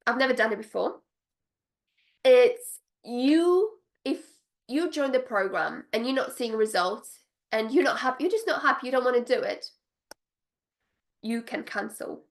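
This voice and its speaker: This woman's voice is slightly high and gravelly, and she takes her time. As a coach for spiritual entrepreneurs pitching straight to her viewers, she's emphatic and effusive, repeats lines for emphasis, and breaks into excited laughter.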